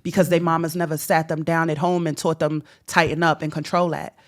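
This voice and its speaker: A woman's voice: low voice, flat delivery, brisk. Blunt, emphatic woman chatting. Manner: emphatic and blunt, laughing often. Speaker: podcast panelist. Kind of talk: casual chat.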